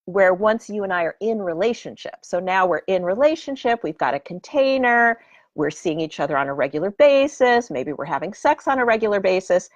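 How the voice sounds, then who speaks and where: Animated woman teaching about dating. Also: mid-range voice, dry recording, lo-fi sound. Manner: animated and expressive. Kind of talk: casual talk.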